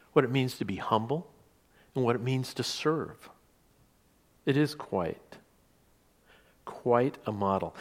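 Conversational man preaching. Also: mid-range voice. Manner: conversational, with some restarts and asides. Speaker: pastor. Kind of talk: sermon.

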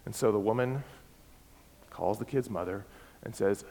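A man preaching a sermon, emphatic and repeating key words, swinging between loud and soft. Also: medium pitch, lively intonation, unhurried. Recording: long hall reverb.

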